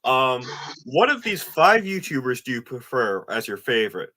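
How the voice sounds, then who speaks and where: A man in casual conversation, quick to joke and share strong opinions. His voice is bright and sharp, with a lively, bouncing pitch. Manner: joking, gives opinions freely. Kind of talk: casual chat.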